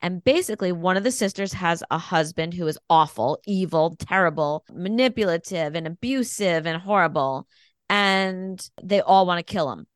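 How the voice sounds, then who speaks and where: A woman co-hosting a podcast, chatting casually and bluntly about TV shows with animated opinions. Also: fairly low pitch, normal speed, clear, resonant tone, no room sound, studio quality. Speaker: podcast co-host.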